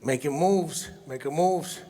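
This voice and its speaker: High-voiced New comedian in a reverberant hall. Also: male voice, unhurried. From Brooklyn, New York. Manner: animated storytelling, laughs at his own jokes. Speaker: stand-up comedian. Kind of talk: stand-up comedy set. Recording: long hall reverb from a live venue.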